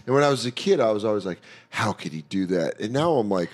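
A man on a casual podcast, telling lively stories with quick impressions and swearing. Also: on the low side. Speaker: podcast guest, comedian.

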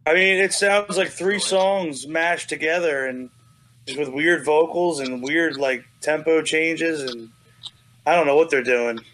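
A jokey man with a slightly raised pitch chats as a podcast guest and laughs easily. Faint clicks and a light hiss sit behind him. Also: measured pace, a bit bright, poor audio. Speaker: band member guest. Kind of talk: casual podcast chat.

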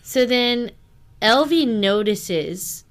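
A woman's voice: on the high side, lively intonation, very slow. A young woman co-hosting a casual book podcast, laid-back, swearing casually and reading quotes aloud. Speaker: podcast co-host.

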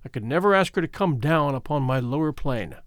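A man's voice: a little high, lively intonation, fairly quick, no room sound, clean studio sound, close to an everyday voice. Man reading as an idealistic young suitor. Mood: earnest. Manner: earnest, impassioned.

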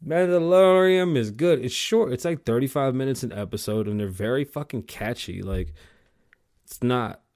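A man hosting his own show alone, talking in a casual, rambling rant full of swearing, his pitch jumping up when worked up. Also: normal speed. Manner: profane, rambling, animated swings in pitch. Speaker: podcast host.

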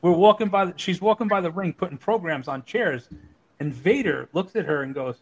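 A man's voice: high voice, a little fast, rough recording. A middle-aged man telling crude stories in casual chat, acting out the voices of the people in them. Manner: animated, acts out voices in his stories. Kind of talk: profane storytelling chat.

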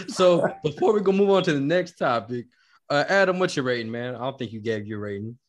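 Man, podcast host, mid-pitched, casual and laid-back. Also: lively intonation, brisk. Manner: laid-back, profane, leads the segments. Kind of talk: casual chat.

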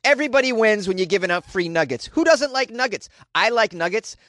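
A man hosts a comedy news podcast, reading odd headlines aloud and tearing into them with sarcastic asides. His voice sits a little higher than most men's. The recording is dry and close, with no room sound. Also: lively intonation, brisk, a bit bright, no room sound. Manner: sarcastic and jokey, mocking the stories. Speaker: podcast host.

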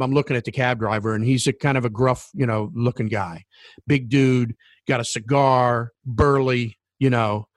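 A man's voice: medium pitch, no room sound. A man casually telling a long anecdote, with many ums and uhs along the way. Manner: rambling anecdote with many fillers. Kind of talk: casual storytelling.

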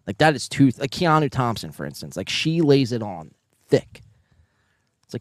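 A man with a Northeastern American accent hosting a live podcast, casually reading chat messages aloud, joking and swearing, with sudden loud bursts. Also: medium pitch, moderate pace, no room sound, clean studio sound. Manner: profane, joking, animated bursts. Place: home, near neighbors.

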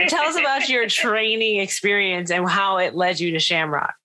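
A woman hosts a podcast over a remote call, chatty and teasing. Her voice is bright and forceful, set at a middle pitch. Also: moderate pace. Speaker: podcast host. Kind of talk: casual chat.

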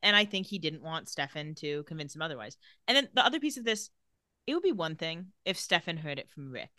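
A woman's voice: deep voice, lively intonation, brisk, pushed and bright, dry recording, clean studio sound. A woman co-hosting a podcast, recapping a TV episode in casual chat, candid and sardonic, swearing freely. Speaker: podcast co-host.

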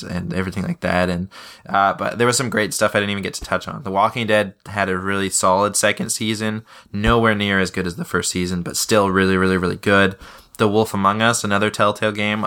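Young male podcast host, low and bright, loose profane chat, lots of restarts. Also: clean tone. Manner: rambling, profane, many restarts.

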